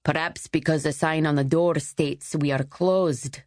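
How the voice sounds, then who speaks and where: A gruff, curt Scottish innkeeper man with a lowered voice, as a woman narrator puts him on. He answers stiffly and without warmth, read in a dry, close storybook style. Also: animated, takes it slowly, no echo, exaggerated voice.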